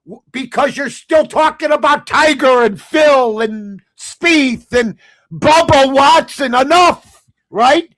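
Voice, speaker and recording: High-voiced, blunt ranting sports host. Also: male voice, takes it slowly, no echo. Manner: blunt, sarcastic, swings from low mutters to loud outbursts. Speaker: sports talk show host. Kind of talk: opinionated sports talk rant.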